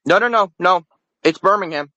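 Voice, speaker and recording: A man's voice: high voice, moderate pace, sharp tone, dry recording. A man calling in to a podcast segment, playfully arguing his point. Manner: playful, argumentative. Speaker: segment regular, caller. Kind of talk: casual call-in banter.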